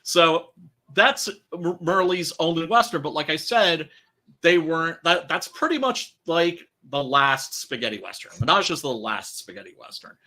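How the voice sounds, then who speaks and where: A man's voice: on the high side, very animated, normal speed, bright, forceful tone, a little hiss or hum. A man hosting a casual film podcast, rambling loosely with lots of fillers and swearing. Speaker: podcast host.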